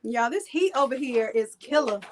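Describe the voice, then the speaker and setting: A woman's voice: high voice, lively intonation, moderate pace, poor audio. A woman instructor leading a live hands-on printing demo, chatty and playful, joking with her viewers.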